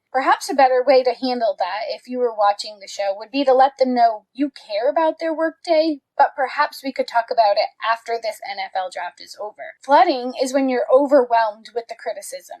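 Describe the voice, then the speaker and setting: A woman's voice: fairly high pitch, darkish tone, poor audio. A woman giving an explanatory presentation on relationship conflict, often checking in with a questioning "right?".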